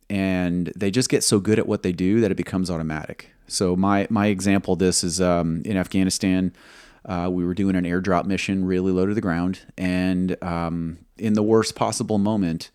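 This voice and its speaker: A man who served as a military pilot, telling a combat story in an interview, measured and halting, acting out quoted dialogue. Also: low-pitched, fairly even intonation, a little mellow, clean tone, dry recording, studio quality.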